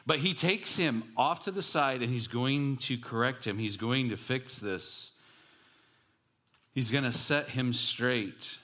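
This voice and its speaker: A man's voice: mid-range voice, slow pace, pushed and bright. A man preaching a sermon as pastor, telling stories animatedly with self-deprecating jokes.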